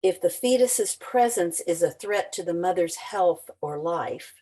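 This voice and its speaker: Slow-talking woman asking a debate question. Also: lowish voice, lively intonation, mellow, low-quality recording. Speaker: audience member.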